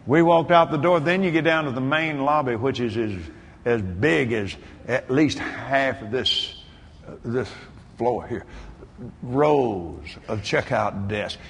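A man preaching a sermon, telling a story in an animated way that bursts into shouts and laughter. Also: fairly high pitch, long reverb tail, a little hiss or hum.

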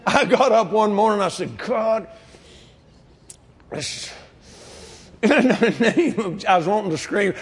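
A man preaching a fervent sermon, shouting and laughing as he goes. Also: sits high, lively intonation, takes it slowly, long pauses. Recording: reverberant hall with a crowd.

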